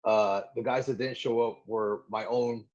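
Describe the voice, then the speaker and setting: Animated man telling a story, slightly dull audio. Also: mid-range voice, unhurried. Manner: animated, filler-heavy storytelling with many "like"s. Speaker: Marine gunnery sergeant guest. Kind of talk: casual storytelling in an interview.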